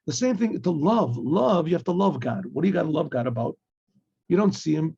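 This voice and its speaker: A rabbi teaching a class, talking plainly and acting out small scenes as he goes, with frequent throat clearing. His man's voice sits a little high yet sounds dark, with a gravelly, husky grain. The recording is muffled and lo-fi. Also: animated, brisk. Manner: conversational teaching with homely examples and acted dialogue. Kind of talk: Torah class.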